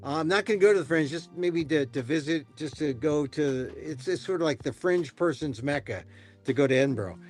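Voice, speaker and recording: Middle-aged male host, high voice, deadpan satire, faint music bed. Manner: joking, deadpan sarcasm with quick restarts. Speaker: podcast host. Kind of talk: casual satirical chat.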